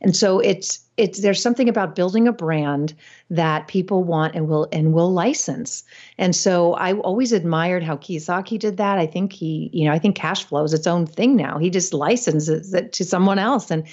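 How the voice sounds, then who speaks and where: A woman's voice: lowish voice, moderate pace, a little mellow, dull audio. A woman guest on a podcast, talking casually about investing, chatty, with many fillers and frequent laughter. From United States. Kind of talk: casual interview talk.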